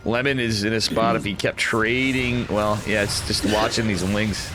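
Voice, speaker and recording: A man's voice: lowish voice, fairly even intonation, moderate pace, music in the background. A man co-casting a strategy game match, rambling and casual, swearing and cracking crude jokes. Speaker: esports co-caster.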